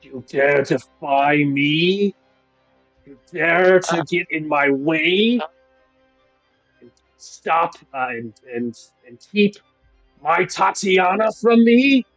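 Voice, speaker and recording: Menacing male vampire lord played by a man, slow, high-pitched threats in a tabletop game. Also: lively intonation, a bit bright, dry recording, lo-fi sound, soft background music, full character voice. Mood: furious, commanding. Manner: booming, drawn-out threats.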